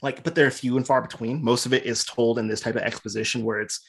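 A man's voice: mid-range voice, steady tone, fast, vocal fry, breathy edge. A man co-hosting a podcast in casual chat, rambling through opinionated game critique. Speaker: podcast co-host.

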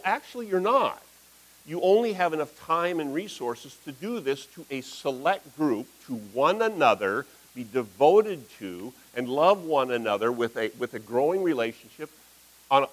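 Animated man preaching a sermon. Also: a little high, a little slow, low-quality recording. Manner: animated storytelling, acts out quoted voices. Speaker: pastor.

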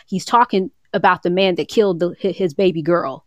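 A woman with a lowish voice talks earnestly and a little preachy, teaching on forgiveness the way a casual faith podcast does. She quotes scripture in old formal wording. Her sound is dry, with no room around her. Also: a little fast, hardly any pauses, dry recording. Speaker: podcast co-host. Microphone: remote call, moving around.

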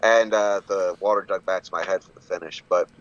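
A man's voice: low-pitched, fairly even intonation, a little fast, fairly bright tone, highs cut off. A man chatting casually on a podcast, swearing freely and laughing often. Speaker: wrestler guest.

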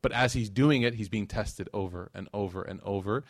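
A man in his thirties giving a conversational religious lecture, telling family stories with animated delivery. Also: on the low side, a little fast, no echo, clean studio sound. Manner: animated storytelling, acts out his son's lines. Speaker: Islamic lecturer.

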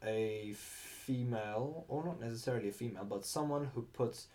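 A man's voice: medium pitch, normal speed, warm tone. A young man co-hosting a podcast, chatting casually, joking and swearing freely. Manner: jokey, swears freely, slips into mock accents. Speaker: podcast co-host.

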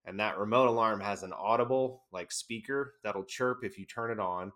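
A fairly low-pitched man speaks as a guest, an army veteran recounting a story. His telling is casual and animated, broken by easy laughter. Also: normal speed.

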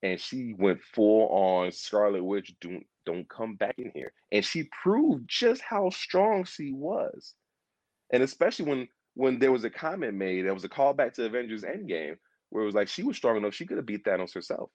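In a casual pop culture conversation, a mid-range male voice at normal speed goes on about a TV series, animated and rambling, repeating himself and acting out quotes. There's no room sound, and the audio is dull.

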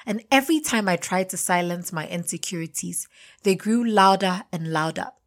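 Young woman, first-person storyteller, expressive and confiding, lowish voice.

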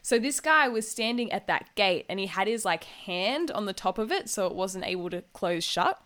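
A young Australian woman co-hosting a podcast tells a story in a chatty, casual way, laughing often and using lots of "like." Her voice is medium-pitched and a bit bright, with lively intonation at a moderate pace.

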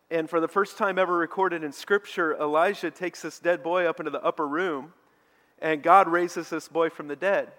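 A man preaching a sermon as a pastor, telling a story with animated energy. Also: high voice. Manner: animated storytelling preacher, mocking shouts in quoted lines. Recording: long hall reverb.

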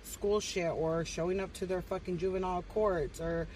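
A woman's voice: on the low side, fairly even intonation, normal speed, darkish tone, recorded from a distance, a little hiss or hum, poor audio. A woman guesting on a podcast, telling stories casually and bluntly, swearing heavily and slipping into Spanish. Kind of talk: casual, profane storytelling.

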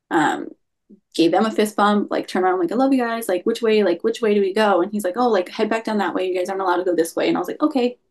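A young adult woman telling her story as an interview guest, rambling and leaning heavily on the word "like.". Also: on the low side. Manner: rambling, heavy use of "like" fillers. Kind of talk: casual storytelling.

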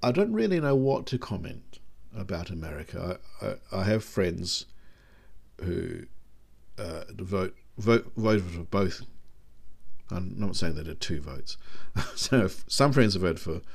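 A New man talks in a loose, rambling monologue, often restarting and poking fun at himself. His voice is very low and gravelly with plenty of fry. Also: animated, unhurried, darkish tone. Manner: rambling, self-deprecating, frequent restarts. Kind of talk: casual monologue.

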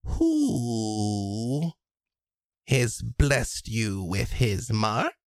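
A man voicing an ancient, possessive female hag who speaks slowly and sweepingly. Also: mid-range voice, big pitch swings, dry recording, studio quality, full character voice. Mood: coaxing. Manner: drawn-out, sweeping delivery.

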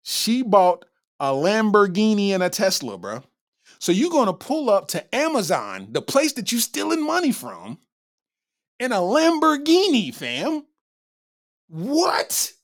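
Man, comedy podcast host, lively swinging pitch, slangy and incredulous, laughs a lot. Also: a little slow. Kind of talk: casual comedic commentary reading chat.

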